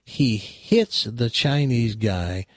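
Husky talk radio host guy telling a joke, dry studio sound. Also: medium pitch, extremely slow, dry recording. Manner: animated storyteller, indignant asides. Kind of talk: casual chat and joke telling.

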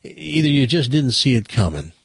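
Man, radio host, folksy and rambling, husky voice, dry close studio mic. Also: mid-range voice, sing-song, normal speed, no echo. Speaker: radio talk show host. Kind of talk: casual radio chat and live read ads.

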